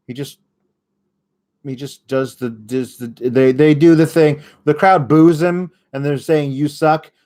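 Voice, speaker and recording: A man's voice: fairly high pitch, darkish tone. A man hosting a casual solo recap show, rambling and sarcastic, with frequent fillers and swearing when annoyed. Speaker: host.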